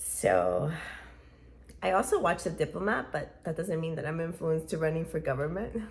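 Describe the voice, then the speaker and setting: A woman's voice: deep voice, very animated, normal speed, creaky. A woman vlogger rambling casually to her viewers in a chatty, playful way, laughing often. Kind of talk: casual rambling vlog chat.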